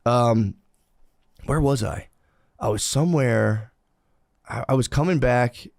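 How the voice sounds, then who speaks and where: A man in his thirties co-hosting a podcast, telling rambling, profane stories and now and then breaking into loud yelled impressions of himself. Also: mid-range voice, slow, gravelly, no room sound, clean studio sound. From Philadelphia area. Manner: profane, storytelling, bursts into yelling impressions. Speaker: podcast co-host. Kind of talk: casual chat.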